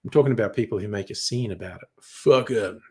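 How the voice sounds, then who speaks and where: A man's voice: fairly low pitch, fast talker, warm tone. A young man reading headlines in a casual chat, crude and sardonic, swearing freely. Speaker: streamer.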